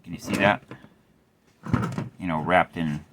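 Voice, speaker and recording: A man's voice: low-pitched, steady tone, a little slow, noisy background. A middle-aged man casually rambling through an amp repair at his workbench, wry and swearing now and then. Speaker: amplifier repair host. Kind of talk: casual workshop tutorial.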